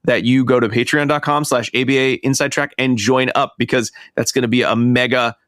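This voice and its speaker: A man's voice: medium pitch, steady tone, a little fast, fairly bright tone, no echo. A man rambles along as a podcast co-host, circling back with fillers and restarts. His voice sits in a mid range. It is recorded close and dry on a studio mic. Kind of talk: casual podcast chat.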